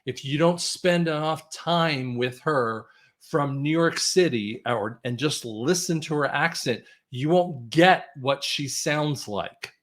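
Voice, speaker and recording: A man's voice: on the high side, takes it slowly, fairly bright tone. A man hosting a talk show, speaking in an emphatic, preaching way and repeating himself for stress. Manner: emphatic, repeats "I'm telling you". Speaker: host.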